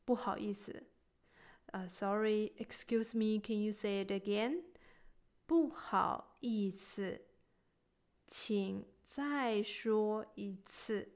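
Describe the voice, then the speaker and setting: A woman teaching a language lesson, patient and encouraging, who says each word slowly and repeats it for learners. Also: medium pitch, steady tone. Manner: gentle, encouraging.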